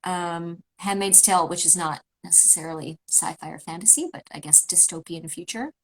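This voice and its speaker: A woman's voice: fairly low pitch, moderate pace, poor audio. Canadian woman on a video call, chatty and rambly, casual livestream talk. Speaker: voice actor signing autographs on a livestream. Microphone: remote video call.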